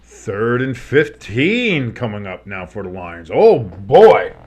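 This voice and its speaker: A breathy, darkish male voice on the low side drifts in a sing-song way at a slow pace. Hosting a live sports stream, he calls the plays and rambles into joking asides and casual chat.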